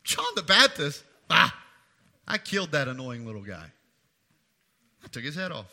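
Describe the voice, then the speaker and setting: A man's voice: fairly high pitch, wildly swooping pitch, moderate pace, sharp tone, voice pushed down, heavily acted. A man doing a scornful ancient king. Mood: mocking. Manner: matter-of-fact, mocking.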